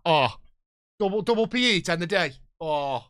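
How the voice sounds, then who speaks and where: A chatty man in his thirties streams a football management game and jumps between joking with his viewers and yelling at the match. His voice sits on the higher side and rises and falls freely. The sound is dry, with no room around it. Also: lively intonation, moderate pace, no room sound. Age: 30s. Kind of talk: live gameplay commentary and chat.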